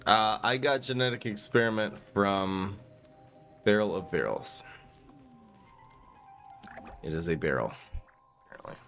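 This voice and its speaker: A man giving casual, excitable commentary while playing a card video game, breaking into sudden exclamations. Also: on the low side, unhurried, long pauses, faint music behind. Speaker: gaming YouTuber.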